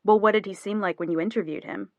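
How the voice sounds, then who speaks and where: A woman reading the lines of a quick-witted young wife in an audiobook, fond and bantering. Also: medium pitch, steady tone, darkish tone, dry recording, highs cut off, natural voice. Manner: playful bargaining banter.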